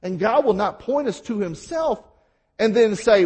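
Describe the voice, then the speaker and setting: Guy preaching a sermon, pretty high voice that jumps around a lot, lots of questions to the crowd. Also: expressive, a little slow, a little mellow, husky. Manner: emphatic, rhetorical questions, varied delivery. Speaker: pastor.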